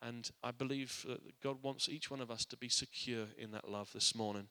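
A man preaching a sermon to a congregation. He speaks earnestly, often restarting or repeating words, and drops quiet and soft on his reflective points. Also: medium pitch, steady tone, normal speed. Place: church. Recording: long church hall reverb.

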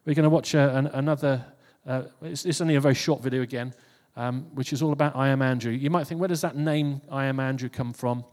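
A man's voice: mid-range voice, fairly even intonation, quick pace, hardly any pauses, a little mellow. A man preaching in a reverberant hall. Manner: conversational, repeats and restarts phrases. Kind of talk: informal sermon.

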